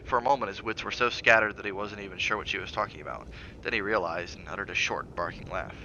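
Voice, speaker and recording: Low-voiced guy reading a book aloud on stream, bit muffled. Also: fast talker, slight background noise. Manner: steady storytelling with dramatic emphasis. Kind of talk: novel read-aloud.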